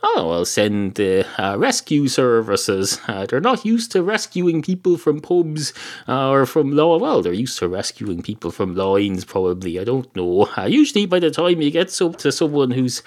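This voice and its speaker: A man playing a female emergency operator who is overly polite, calmly absurd, and keeps saying sir. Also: medium pitch, normal speed, voice pushed up, natural voice.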